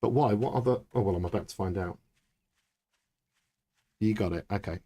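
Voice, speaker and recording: Excitable man streaming gameplay. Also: on the low side, moderate pace, slightly rough. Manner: chatty, excitable, thinking aloud. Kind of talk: live gameplay commentary.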